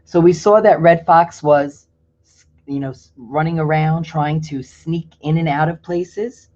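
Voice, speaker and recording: A reader reading a picture book aloud, often pausing to chat about the pictures. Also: mid-range voice, a little mellow, lo-fi sound. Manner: pauses to explain pictures in a chatty aside. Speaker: storybook reader.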